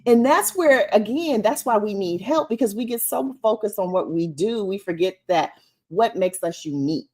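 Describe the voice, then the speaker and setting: Animated chatty woman co-host. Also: mid-range voice, moderate pace. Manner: animated, chatty, laughs often. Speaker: co-host and co-author. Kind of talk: casual chat on a livestream. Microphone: video call.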